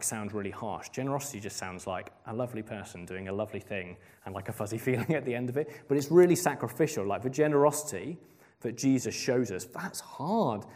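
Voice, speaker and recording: A man's voice: mid-range voice, darkish tone. A young man giving a sermon in a chatty, casual way, full of "like" fillers. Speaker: preacher. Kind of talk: conversational sermon.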